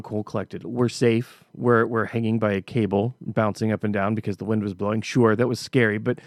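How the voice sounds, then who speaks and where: Middle-aged male podcast host, gravelly voice, casual storytelling monologue, dry close recording. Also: fairly low pitch, a little mellow, dry recording. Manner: conversational storytelling with frequent restarts.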